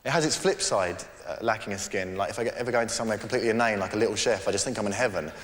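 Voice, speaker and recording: A man doing live stand-up on a theatre stage, rambling and self-deprecating with halting restarts. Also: on the low side, fairly bright tone. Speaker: stand-up comedian. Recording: echoey theatre with crowd. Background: audience laughter.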